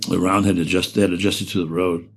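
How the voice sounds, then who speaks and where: Deep-voiced older man rambling through war memories. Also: level tone, fairly quick, creaky, a little hiss or hum. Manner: rambling, profane, trails off and restarts; laughs through grim memories. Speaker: veteran interviewee. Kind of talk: oral history storytelling.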